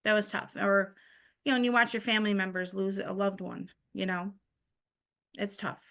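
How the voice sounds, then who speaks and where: A woman's voice: mid-range voice, level tone, moderate pace, fairly bright tone. A middle-aged woman co-hosting a casual podcast chat, telling personal stories and laughing easily. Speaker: podcast co-host.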